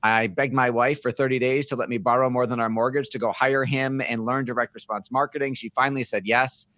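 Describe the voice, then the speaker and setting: A man's voice: mid-range voice, steady tone, a little fast, fairly bright tone, no echo. A middle-aged man, a podcast guest, telling his life story in an upbeat, joking interview style. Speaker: podcast guest, marketing firm founder.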